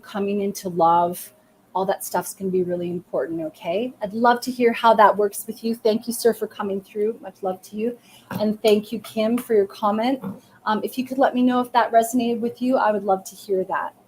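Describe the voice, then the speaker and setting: A woman's voice: mid-range voice, fairly even intonation, moderate pace, a little mellow. Soothing woman medium, faint noise. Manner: soothing, affirming, speaks in short phrases and says "okay" often. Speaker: medium doing live readings. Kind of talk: live-stream reading, chatting to viewers.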